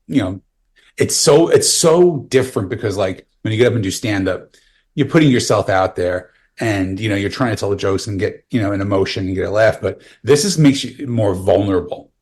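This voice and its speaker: A low-voiced man with a husky edge tells a nervous story in stops and restarts. He is a comedian chatting casually on a podcast. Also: lively intonation, darkish tone. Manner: halting, self-deprecating storyteller. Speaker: stand-up comedian, podcast guest.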